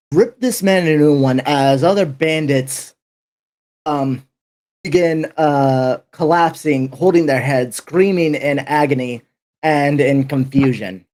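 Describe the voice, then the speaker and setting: A man's voice: fairly high pitch, slow, a little mellow. A man narrating a tabletop game as game master, rambling with many fillers.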